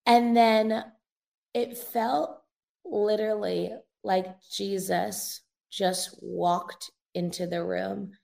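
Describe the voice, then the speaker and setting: A woman's voice: medium pitch, steady tone, drawn-out words, vocal fry, a little mellow. A young woman, a revivalist minister, giving an earnest, emotional testimony as a guest in a casual interview. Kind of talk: conversational testimony in a podcast interview.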